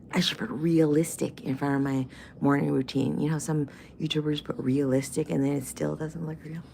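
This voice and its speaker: A woman's voice: deep voice, little pitch movement, moderate pace, gravelly, mellow, slight background noise. A woman in her forties chatting casually and profanely to camera as a vlogger, full of jokey asides. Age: 40s.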